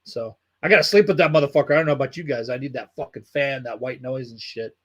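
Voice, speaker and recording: A man's voice: medium pitch, fast talker, a bit bright. A man hosting a livestream, chatting casually and reading out viewer comments, with loose, heavily profane talk. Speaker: livestream host.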